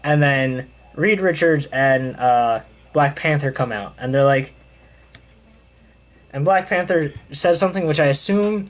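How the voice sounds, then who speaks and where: A man's voice: a little high, unhurried. A young man casually recapping a comic in a loose, rambling way with lots of fillers. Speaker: comic book reviewer. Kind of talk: casual chat.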